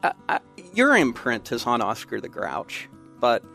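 A man's voice: mid-range voice, huge pitch swings, a little slow, creaky, pushed and bright, soft background music. A man hosting a radio talk show from the studio, chatty and giving out call-in details. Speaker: radio host.

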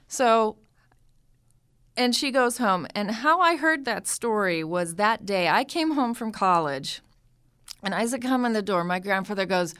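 A woman in her thirties telling a personal family story with lively, animated delivery. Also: mid-range voice, measured pace, clear, resonant tone. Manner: lively, animated retelling with acted-out quotes. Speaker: storyteller guest.

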